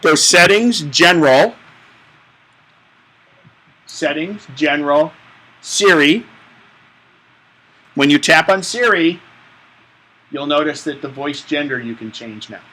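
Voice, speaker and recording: Guy teaching a phone class, kinda high, bright voice, jokey and chatty. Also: lively intonation, slow pace, long pauses, rough recording. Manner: joking, chatty explainer to a live class. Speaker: tech class instructor. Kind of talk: hands-on tech class instruction.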